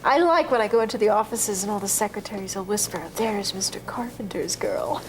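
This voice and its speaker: A woman's voice: medium pitch, lively intonation, fast, background noise, lightly acted. A woman playing a teasing, flirtatious patient. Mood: flirty. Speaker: patient in physical therapy. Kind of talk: daytime TV drama acting.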